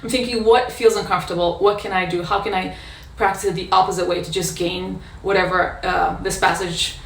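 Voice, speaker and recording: A woman in a casual practice session, explaining how she practices a violin piece in a thoughtful way, pausing often with fillers. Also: lowish voice, steady tone, gravelly. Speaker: violin teacher. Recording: echoey room with violin playing.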